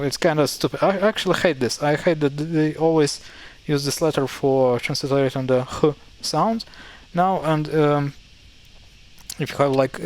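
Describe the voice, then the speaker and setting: Hesitant man explaining pronunciation. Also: on the high side. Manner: hesitant, many fillers and self-corrections. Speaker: language teacher. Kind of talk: casual explanatory lesson.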